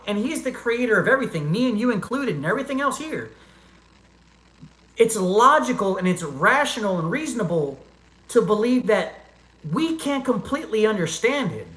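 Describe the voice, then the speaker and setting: Guy hosting a live q&a, earnest, keeps saying brother and man, kinda echoey room. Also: sharp tone. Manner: earnest, talks straight to chatters, calls them brother and man; reads chat comments aloud in a low mumble. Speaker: livestream host answering chat. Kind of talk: casual live Q&A chat.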